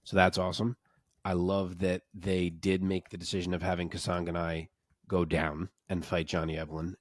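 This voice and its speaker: A man's voice: sits low, dry recording, studio quality. A man co-hosting a casual sports podcast, analytical and enthusiastic, often restarting his sentences.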